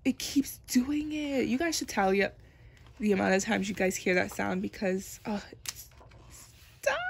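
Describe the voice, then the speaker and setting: A woman's voice: mid-range voice, a little slow, vocal fry, husky. A young woman chatting playfully as she unboxes an album, laughing and complaining dramatically. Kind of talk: casual unboxing chat.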